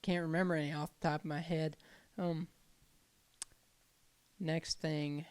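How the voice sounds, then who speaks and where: A man speaks slowly and unhurriedly as a podcast co-host, mostly reacting with short exclamations. His voice is smooth and resonant, and the recording sounds dry and close. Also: a little high, little pitch movement, dry recording. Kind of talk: casual chat.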